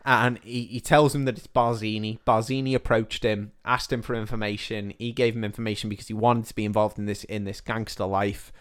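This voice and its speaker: A man casually retelling a film plot as a podcast host, animated, swearing freely and acting out the characters' lines. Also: fairly low pitch, brisk, hardly any pauses, smooth.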